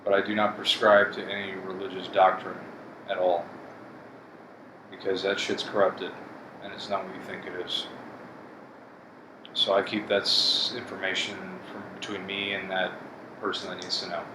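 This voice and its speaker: A man's voice: low voice, level tone, moderate pace, pauses often. A man talking to his channel in a blunt, profane, bitter rant about betrayal and hopelessness. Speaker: vlogger. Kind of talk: casual monologue to camera. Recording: echoey room with air conditioning hum.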